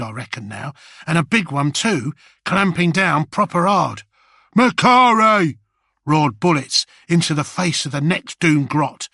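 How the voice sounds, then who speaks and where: A man reading first-person audiobook narration in a rough, slangy voice as a nervous little goblin. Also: a little high, pushed and bright, dry recording, clean studio sound.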